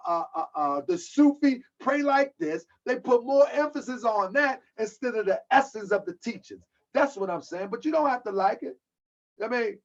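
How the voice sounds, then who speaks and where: A man's voice: extremely high pitch, fairly bright tone. A man from the United States holds forth on a live stream in a casual, preachy lecture. He keeps repeating rhetorical questions and answers comments from the audience. The sound is dull and lo-fi. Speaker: host of a live-stream talk.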